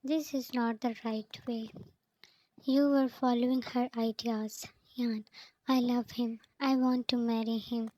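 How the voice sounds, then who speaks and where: A woman reading the lines of a stubborn, tender-hearted young heroine in a storybook, in a flat, even way. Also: fairly high pitch, slow, low-quality recording. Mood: upset.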